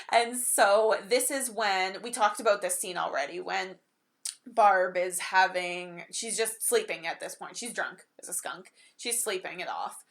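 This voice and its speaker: A woman's voice: medium pitch, unhurried, fairly bright tone. A woman co-hosting a podcast in casual chat, talking and laughing often. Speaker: podcast co-host.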